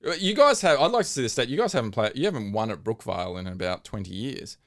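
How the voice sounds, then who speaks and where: A man co-hosting a casual sports podcast, telling stories with rising excitement and mock outrage. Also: mid-range voice, fast. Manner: animated storytelling, gets loud and excited retelling. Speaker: podcast co-host.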